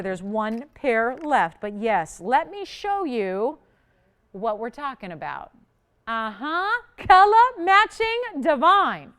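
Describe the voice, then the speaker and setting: A woman hosts a live home-shopping show from a TV studio. Her voice is smooth and a little high, and her delivery is chatty and excitable, with steady pressure to buy right away. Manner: chatty and excitable, pushing urgency. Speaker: shopping channel host.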